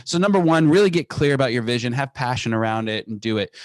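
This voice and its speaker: Male founder type for interview, lively storyteller, natural mid pitch, very dry recording. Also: no room sound. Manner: energetic, animated storytelling with quick restarts. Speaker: guest, company founder. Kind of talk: podcast interview.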